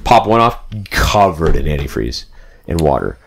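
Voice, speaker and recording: A man's voice: a bass voice, moderate pace, gravelly, slightly rough. A young man telling a road trip story in casual, rambling podcast chat, full of "like" and "dude". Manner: rambling, animated, fillers like "like" and "dude".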